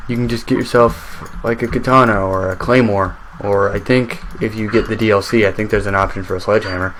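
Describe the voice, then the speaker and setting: A man's voice: fairly low pitch, fairly even intonation, brisk, noisy background. A man giving casual let's-play commentary on his own game, rambling and chatty, joking with the enemies as they come at him.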